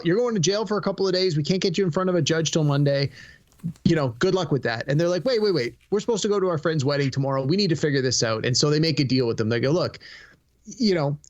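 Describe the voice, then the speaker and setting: A man with a slightly raised pitch chats through a favourite comedy scene. He quotes the characters in a plain, easygoing way. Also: dull audio. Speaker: podcast co-host. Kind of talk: casual chat, retelling a movie scene.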